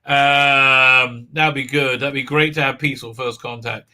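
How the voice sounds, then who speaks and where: A man's voice: medium pitch, fairly even intonation, unhurried, few pauses, pushed and bright. A man hosting a live stream, recapping a show in a sarcastic, mocking way with frequent laughs.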